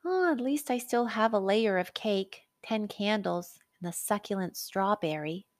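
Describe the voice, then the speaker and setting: A woman's voice: mid-range voice, unhurried, no echo, natural voice. A woman voicing an eager, earnest young boy in a storybook. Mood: determined. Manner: bright, excited, earnest.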